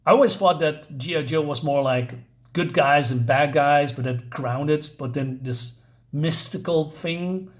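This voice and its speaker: A man's voice: fairly high pitch, unhurried. A man giving a casual, rambling spoken comic book review, full of fillers and restarts.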